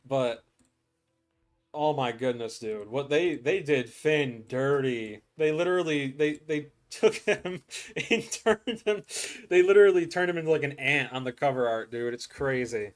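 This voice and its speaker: A man's voice: medium pitch, unhurried. A young man chatting casually to viewers while playing a game, rambling and laughing often. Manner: rambling, laughs often, says "dude" a lot. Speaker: gaming streamer. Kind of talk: casual gameplay chat.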